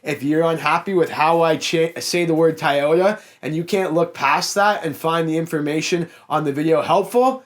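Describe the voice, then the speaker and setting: A young man with a Canadian accent from the Niagara area, with a voice that sits a little high for a man. He answers viewer comments in a casual Q&A. He talks frankly and chats straight to the viewers. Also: fairly even intonation, moderate pace, few pauses. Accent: Canadian, Niagara Ontario. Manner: frank, chatty, addresses viewers as guys. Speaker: car salesman and YouTube host.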